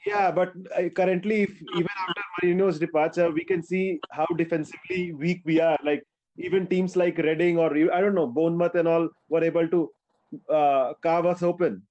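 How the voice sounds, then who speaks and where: A man with a high-pitched voice hosts a casual football discussion, steering the topics and putting questions to his guests. His audio sounds dull and lo-fi. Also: fairly even intonation, fairly quick, darkish tone. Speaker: podcast host.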